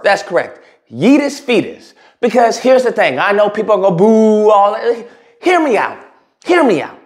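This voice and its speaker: High, animated man ranting mockingly. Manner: mocking, provocative, emphatic. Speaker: commentary YouTuber. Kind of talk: blunt opinion commentary.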